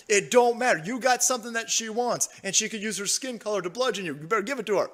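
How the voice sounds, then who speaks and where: A man's voice: high voice, quick pace, few pauses, a bit bright. A man hosting a livestream, crude and sarcastic, laughing often as he riffs and reads out donations. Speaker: livestream host. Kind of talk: profane livestream commentary, reading donations.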